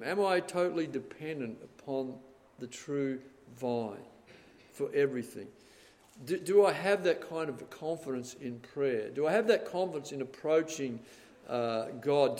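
A man preaches a sermon at a middle pitch. He swings between loud, dramatic passages and soft, hushed ones. His voice rings with a long hall reverb.

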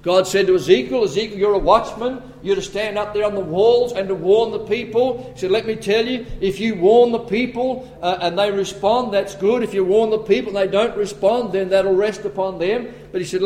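An Australian man delivers a sermon from the pulpit, his voice sitting high for a man. He reads scripture slowly, then climbs into loud, emphatic warnings before settling back to a plainer teaching tone. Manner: emphatic, rising to forceful bursts. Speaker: preacher.

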